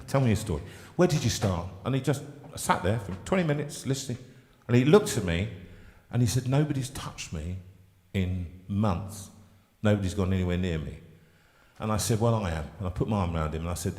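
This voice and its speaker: Man host, low voice, stops and restarts a lot, roomy hall reverb. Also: a little mellow. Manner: halting, emotional storytelling with many restarts. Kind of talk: live chat show storytelling.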